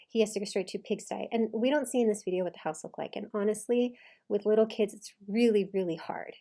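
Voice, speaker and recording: A woman with a medium-pitched voice comments casually on a video she's reacting to. She repeats lines back and picks them apart with lively emphasis.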